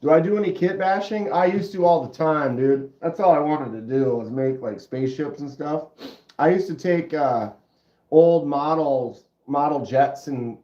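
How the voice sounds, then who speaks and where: A middle-aged man with a stuffy nose hosting a casual livestream, chatting with viewers in a laid-back, drawn-out way. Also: medium pitch, mellow. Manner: laid-back, drawn-out, says dude and bro. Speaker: livestream host. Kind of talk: casual livestream chat reading comments. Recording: roomy, dull lo-fi sound.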